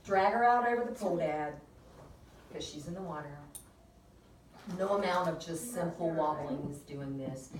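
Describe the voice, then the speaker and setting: A woman's voice: low voice, normal speed, long pauses. A woman midwife chattily telling a birth story to colleagues, laughing often as she talks. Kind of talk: casual storytelling at a peer review. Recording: roomy, distant and noisy room recording.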